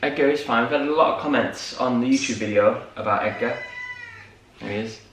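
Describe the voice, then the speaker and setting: A man's voice: medium pitch, a little fast, a bit bright, slight background noise. A man co-hosting a casual morning chat at home, telling stories with lots of fillers. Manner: chatty storyteller, many fillers. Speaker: co-host. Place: home room. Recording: echoey room, mic at a distance.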